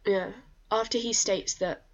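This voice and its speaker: A woman's voice: medium pitch, fairly even intonation, measured pace. A woman co-hosting a podcast, telling a crime case in a casual, chatty way with many fillers and restarts. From England. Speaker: podcast co-host. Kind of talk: casual true-crime chat. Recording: dull lo-fi sound.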